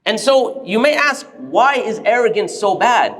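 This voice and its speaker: High-voiced man preaching a sermon. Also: measured pace. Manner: animated storyteller, acts out quoted voices. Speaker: preacher giving a Friday sermon. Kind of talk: storytelling sermon. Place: mosque.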